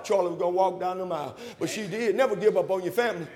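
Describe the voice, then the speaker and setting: A man's voice: high voice, racing, few pauses. Fervent preacher in his sixties. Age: 60s. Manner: fervent, rising to shouts, calls and responses with the congregation. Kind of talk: sermon. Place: church sanctuary. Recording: long hall reverb.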